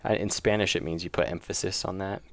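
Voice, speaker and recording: A man with a low, gravelly voice chats casually while streaming his game development. He thinks aloud, cracks jokes and keeps correcting himself. The sound is dry and close. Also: steady tone, fast, no echo. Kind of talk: casual livestream chat while working.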